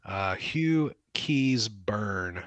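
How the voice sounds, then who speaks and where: A man's voice: lowish voice, lively intonation, a bit bright, no room sound. A man co-hosting a casual podcast, chatting and joking with friends. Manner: laughing, jokey, does quick impressions. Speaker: podcast co-host.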